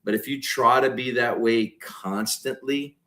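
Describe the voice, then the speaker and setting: A man's voice: medium pitch, measured pace. A man in his forties with a Louisiana Cajun accent, telling stories on a podcast and acting out quotes. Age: 40s. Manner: animated storyteller who acts out quotes loudly. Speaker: guest comedian and content creator. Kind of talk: casual podcast storytelling.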